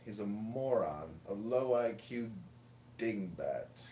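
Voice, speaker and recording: A man's voice: fairly low pitch, expressive, slow pace, warm tone, echoey room, a little hiss or hum. A man hosting a joking chat on a social audio app, reciting mock-solemn verse between crude jokes. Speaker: host.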